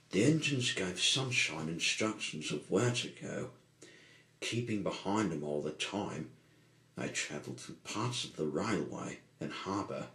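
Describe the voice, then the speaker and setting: A man reading a children's story aloud in an unhurried amateur style, often stumbling and rephrasing. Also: extremely low pitch, bright, forceful tone. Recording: echoey room.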